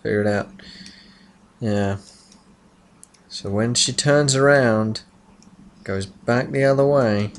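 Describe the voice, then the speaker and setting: A man casually commenting on his own gameplay, rambling and muttering softly while he concentrates. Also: mid-range voice, slow, long pauses, slight background noise. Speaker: let's play commentator.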